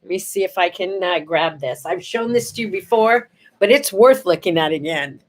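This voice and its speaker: An older woman hosting a casual morning chat show, talking chattily to her viewers and going soft on sad memories. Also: fairly low pitch, lively intonation, moderate pace. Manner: chatty, warm-hearted, goes quiet and soft on sad memories. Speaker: host.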